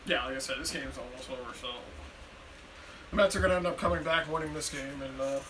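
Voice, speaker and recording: A man's voice: medium pitch, quick pace, far from the mic, noisy background. A man co-hosting a live stream, giving casual play-by-play reactions and teasing his co-host. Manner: joking, teasing.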